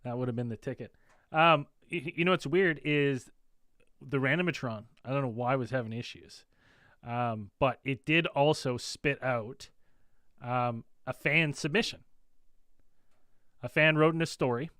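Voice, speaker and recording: A man's voice: medium pitch, unhurried, long pauses, fairly bright tone, dry recording, studio quality. A man hosting a podcast, chatting casually with fillers and reading out the chat. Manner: laid-back, filler-heavy, reading chat. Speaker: podcast host.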